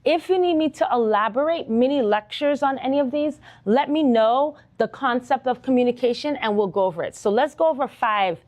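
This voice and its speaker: A woman's voice: high-pitched, brisk, few pauses. A woman nursing instructor teaching a live online exam-prep lesson, talking straight to her students and often checking in with "okay?". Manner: animated, talks to students directly, frequent "okay?" checks.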